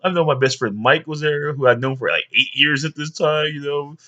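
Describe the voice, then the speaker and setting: A man's voice: fairly high pitch, a little fast, pushed and bright, lo-fi sound. A man in his thirties, a father rambling through a childhood story for his young sons, with many fillers. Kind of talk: storytelling home video.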